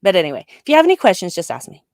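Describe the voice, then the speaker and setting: A woman's voice: on the low side, huge pitch swings, very fast, a little mellow, dry recording, studio quality. A woman co-hosting a live discussion show who speaks emphatically and opinionatedly, laughing often. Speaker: podcast co-host.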